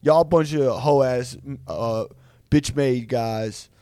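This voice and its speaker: A man's voice: medium pitch, extremely slow, warm tone, no echo. A man doing an impression of a brash, profane male cage fighter, swaggering and taunting.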